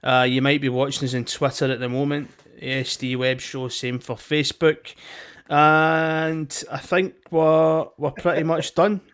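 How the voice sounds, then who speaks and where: A man's voice: fairly high pitch, level tone, a little slow, a bit bright, smooth. A man with a Glaswegian accent, co-hosting a web show in casual banter and telling anecdotes with plenty of swearing. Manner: swearing, chatty storyteller.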